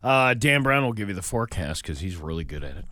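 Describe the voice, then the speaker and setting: A man's voice: lowish voice, sing-song, quick pace, no echo, studio quality. A man co-hosting a morning radio show, joking and telling a tall tale, playful and mock-conspiratorial. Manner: playful, mock-conspiratorial, loud put-on voices in jokes. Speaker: radio co-host, news reader. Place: radio studio. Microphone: studio mic.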